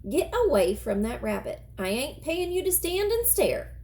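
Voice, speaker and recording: A woman's voice: medium pitch, moderate pace, mellow, natural voice. A woman voicing a bossy old country farm woman who barks orders in a rural dialect. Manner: gruff, commanding, rural dialect.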